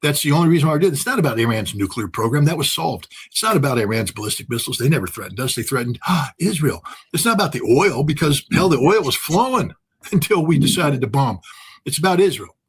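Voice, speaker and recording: A man's voice: on the high side, big pitch swings, quick pace, slightly rough. A man giving emphatic political commentary, firing off rhetorical questions.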